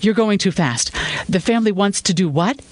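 A man's voice: high voice, expressive, moderate pace, pitched above the performer's own voice. A man doing a tired young woman lawyer. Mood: flustered. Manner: soft, tired. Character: woman attorney, new on the job, weary. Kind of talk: storytelling dialogue.

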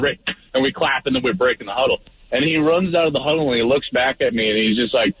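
A man who is a guest on a radio sports talk show, telling a story in a lively, animated way that gets loud at its peak. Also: mid-range voice, fast, husky. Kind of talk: animated storytelling in casual chat. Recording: dull lo-fi radio audio, faint noise.

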